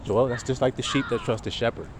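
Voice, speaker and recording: A man's voice: medium pitch, quick pace. A man preaching a sermon outdoors, talking to his listeners with many rhetorical questions. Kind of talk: street-side sermon. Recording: outdoor traffic noise.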